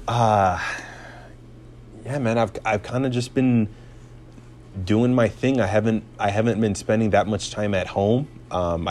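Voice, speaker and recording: A man in his twenties hosting his own podcast, talking in a profane, sarcastic, rambling rant full of fillers and restarts. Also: fairly low pitch. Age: 20s. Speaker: podcast host and comedian.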